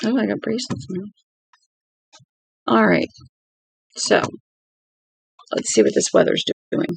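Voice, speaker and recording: A woman reading a novel aloud at her desk at home, easygoing and chatty. Her voice sits at a middle pitch and is heard close and dry, with almost no room sound. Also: big pitch swings, unhurried, vocal fry, slightly rough, dry recording, rough recording. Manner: chatty, talks to her dogs in a high baby voice. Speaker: audiobook reader and channel host. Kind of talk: reading a novel aloud, breaking into casual chat.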